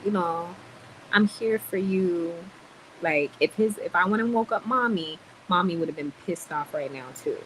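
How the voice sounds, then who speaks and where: A woman ranting in a casual vlog, blunt and animated, swearing and then apologizing for it. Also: on the low side, normal speed, few pauses, a little hiss or hum, low-quality recording. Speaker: vlogger. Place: home in the Dominican Republic, quiet ambience.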